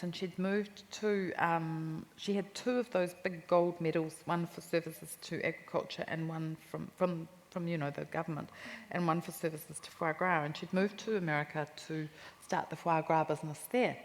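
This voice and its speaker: A woman with a New Zealand accent, a cookbook author telling lively anecdotes in a stage interview at a live festival talk. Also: sits low. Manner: animated anecdotes with quoted voices and laughter. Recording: reverberant hall with faint noise.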